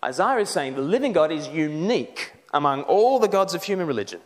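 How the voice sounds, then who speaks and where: A man preaching a sermon, animated, with mocking asides. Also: fairly high pitch, brisk.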